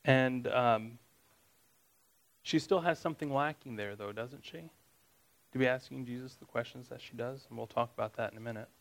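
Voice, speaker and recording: A man's voice: mid-range voice, normal speed, vocal fry, rough recording. Conversational man teaching a Bible study. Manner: reads scripture aloud, then explains it conversationally with asides; asks the listeners questions.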